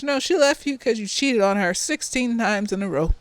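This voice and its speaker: A slightly tipsy woman therapist giving a blunt, profane and sassy casual review of a TV series, animated, with mocking asides. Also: a little high, moderate pace, few pauses, dry recording.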